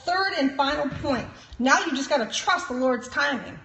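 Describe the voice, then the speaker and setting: A woman's voice: high-pitched, expressive, normal speed, creaky, bright, forceful tone. A woman minister giving an emphatic sermon-style teaching, sprinkling in praises and chuckles. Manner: emphatic preaching with frequent "praise God" and chuckles. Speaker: prophet and minister. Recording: roomy echo.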